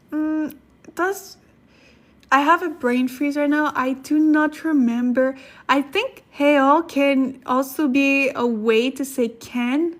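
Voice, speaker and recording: Woman, high voice, slow careful explaining, unwell, throat clearing. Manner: thinks aloud, pauses to look things up, laughs at herself; clears her throat often. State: sick. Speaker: Korean language teacher on a livestream. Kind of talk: casual livestream lesson.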